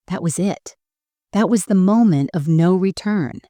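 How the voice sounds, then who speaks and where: A middle-aged woman narrating a first-person family story in a steady, dramatic storytelling manner. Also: fairly low pitch, unhurried, no room sound, studio quality.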